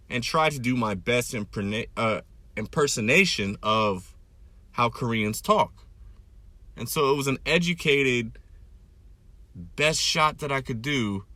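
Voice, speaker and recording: A man's voice: mid-range voice, pushed and bright, dry recording. Laid-back crude-talking man. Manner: loose, laid-back, heavy with "like" and fillers; crude, irreverent humor. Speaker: podcast host and stand-up comic. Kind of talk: casual rambling monologue.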